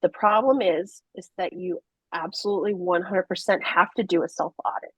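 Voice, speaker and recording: A woman's voice: on the low side, steady tone, brisk, husky, dry recording, lo-fi sound. A middle-aged woman telling her story as a podcast guest, earnest and emphatic, with many restarts. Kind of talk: candid conversational storytelling.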